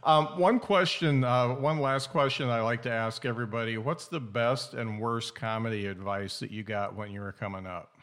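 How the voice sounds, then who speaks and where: A man's voice: medium pitch, fairly even intonation, moderate pace, few pauses, a bit bright. A man hosting a casual interview, easygoing, laughing along and asking his usual closing question. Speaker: podcast host interviewing comedians.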